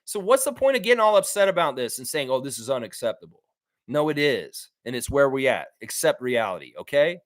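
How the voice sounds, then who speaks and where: A male sports streamer reacting live to his chat, blunt and animated, his pitch jumping up and down as he hammers his points home. His voice is fairly high for a man. The sound is dry and close, with no room echo. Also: a little fast, few pauses. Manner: blunt, animated, swears freely, repeats himself for emphasis.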